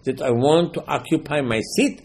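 A man's slightly high, somewhat mellow voice with a breathy edge moves at a moderate pace as he teaches Torah in a sermon. His English has non-native phrasing, and he emphatically repeats phrases and quotes texts in dialogue.

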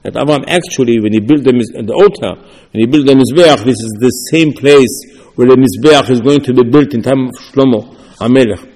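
Animated man preaching in a reverberant hall. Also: fairly quick. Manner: animated, dramatizing dialogue with swings in pitch and loudness. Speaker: rabbi teaching Torah. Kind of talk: sermon with acted-out quotes.

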